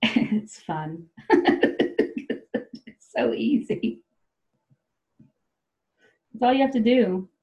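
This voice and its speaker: A woman's voice: fairly high pitch, lively intonation, very slow, gravelly, long pauses, a little mellow, poor audio. A woman from South Dakota hosting a podcast, chatting loosely and laughing as she acts out what people say. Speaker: podcast host. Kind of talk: casual chat.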